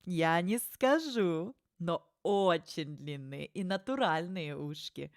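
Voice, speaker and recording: Slow, low-voiced woman streamer gushing. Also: no echo, clean studio sound. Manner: gushing, playful, laughs often. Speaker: streamer hosting a watchalong. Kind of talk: casual reaction stream chat.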